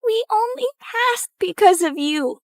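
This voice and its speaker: A woman voicing an eager, bubbly teenage schoolgirl in an animated story. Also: extremely high pitch, unhurried, dry recording, studio quality, voice pushed up, exaggerated voice.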